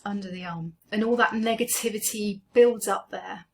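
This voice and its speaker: A woman coaching a guided EFT tapping session, speaking slowly and gently as she names each tapping point. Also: mid-range voice, vocal fry. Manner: slow, gentle, soothing guidance.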